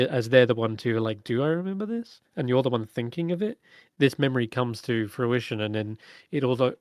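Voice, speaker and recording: A man narrating as dungeon master in a tabletop game, halting and self-correcting, laughing often. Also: medium pitch, no echo, studio quality.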